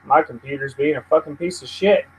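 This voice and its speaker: On a casual live news stream, a male host rambles while cursing and venting at his computer, profane and quick to get frustrated. His voice sits on the high side and moves a little fast. The audio is poor, with a bit of hiss or hum.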